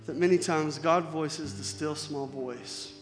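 Male pastor, fairly high voice, casual preaching that swells loud then drops soft, church hall reverb with faint music underneath. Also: steady tone, takes it slowly. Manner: conversational preaching, swings between loud emphasis and soft near-whispers. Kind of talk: sermon.

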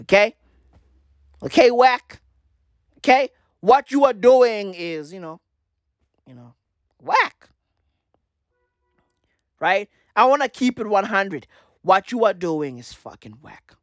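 A woman's voice: medium pitch, animated, a little slow, long pauses, no echo, clean studio sound. A woman in a casual comedic rant, slangy and swearing, repeating herself, breaking into animal imitations. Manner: slangy, swearing, repetitive, playful, mimics animal sounds.

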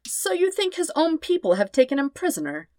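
A woman's voice: medium pitch, expressive, unhurried, no room sound, studio quality, voice pushed up. A woman reading aloud and voicing a fierce, grieving teenage girl who talks sharply and snaps. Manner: sharp, snappish, demanding.

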